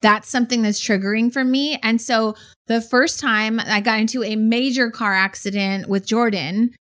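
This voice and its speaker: A woman's voice: a little high, steady tone, moderate pace, fairly bright tone. A middle-aged woman co-hosting a podcast, earnestly telling personal stories in conversational chat. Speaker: podcast co-host. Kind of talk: conversational storytelling.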